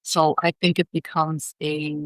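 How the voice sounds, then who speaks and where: A woman's voice: deep voice, level tone, unhurried, no echo, rough recording. A woman sitting in on a podcast, chatting agreeably and thinking aloud. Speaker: guest co-host. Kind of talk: casual chat.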